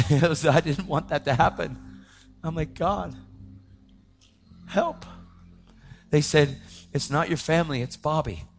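A man's voice: on the high side, normal speed, faint music behind. Emotional man telling his testimony. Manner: emotional, voice rises to shouts at intense moments; casual, says "man" and "dude" a lot. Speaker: speaker sharing his testimony. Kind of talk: personal testimony storytelling.

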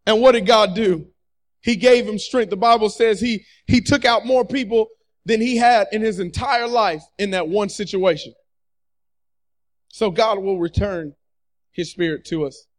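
A man with a strikingly high voice delivers a fervent sermon. He works the congregation with call-and-response, repeating his key lines and pushing the crowd to answer back. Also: measured pace. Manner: energetic call-and-response preaching, repeating phrases. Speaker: preacher.

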